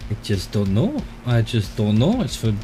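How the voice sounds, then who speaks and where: A man's voice: lowish voice, wildly swooping pitch, normal speed, mellow, faint music behind. An Australian man streaming a game, chatting casually and rambling to himself as he explores. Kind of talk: casual live-stream commentary.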